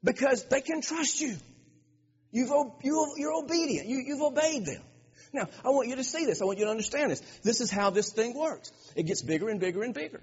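A man's voice: very high-pitched, slightly rough. A man preaching a sermon to his congregation, emphatic, often repeating words and restarting his phrases. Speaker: pastor. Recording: dull lo-fi recording with long hall reverb.

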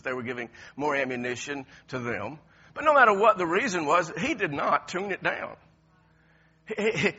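Man, preacher, sermon, fairly high voice, dull lo-fi sound, laughs between lines. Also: husky. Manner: swings from quiet intensity to loud shouted passages, laughs often.

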